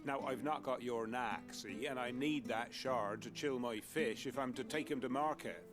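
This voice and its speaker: A man's voice: medium pitch, normal speed, over music, lightly acted. An actor playing a sheepish fisherman villager in a video game, wheedling and rambling. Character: sheepish middle-aged male fisherman villager.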